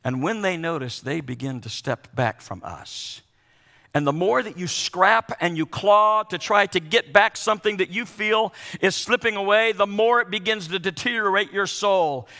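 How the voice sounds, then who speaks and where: An older man, a pastor and grandfather, preaching a sermon in an animated way, acting out voices of children and others. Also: high-pitched, in a large hall.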